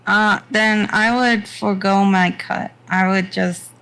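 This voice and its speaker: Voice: medium pitch, steady tone, takes it slowly, gravelly, pushed and bright, clear, resonant tone, low-quality recording. A player in a tabletop game over voice chat, asking hesitant questions about the rules.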